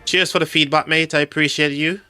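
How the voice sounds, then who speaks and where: A man's voice: fairly high pitch, fairly even intonation, brisk, pushed and bright, clear, resonant tone, soft background music. A man hosting a casual livestream, reading chat aloud and laughing often. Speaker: livestream host.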